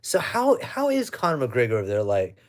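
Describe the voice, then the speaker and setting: A young American man chats casually on a live stream from home, loosely reading out viewer comments. His voice is medium in pitch with huge swings, and he talks fairly quickly. It's captured on a webcam or phone mic.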